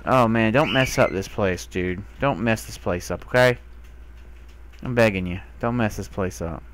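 A young man giving casual commentary while playing a video game, who talks to the animals he finds and gets excited, sometimes swearing. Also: fairly low pitch, moderate pace. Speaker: gamer. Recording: faint background noise.

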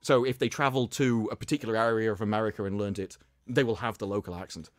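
A man's voice: lowish voice, steady tone, fast. A man in a casual group chat, making dry asides and chuckling.

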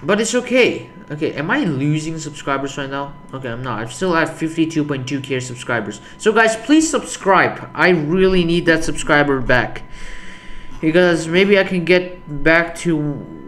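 Rambling young man, slightly high voice. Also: animated, moderate pace, a bit bright, a little hiss or hum. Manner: rambling, self-deprecating, restarts a lot. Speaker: YouTuber. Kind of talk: casual screen-recorded commentary.

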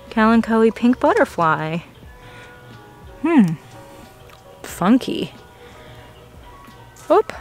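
Slow, gushing woman plant vlogger. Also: a little high. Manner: excited, gushing, frequent gasps. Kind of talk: casual plant-shopping vlog. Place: plant nursery.

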